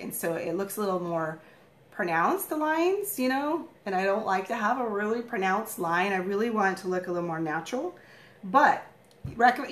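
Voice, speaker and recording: A woman in her thirties doing a casual live makeup tutorial at home, chatty and rambling, with a morning voice and frequent throat-clearing. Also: mid-range voice, fairly bright tone, roomy sound. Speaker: makeup vlogger, live stream host.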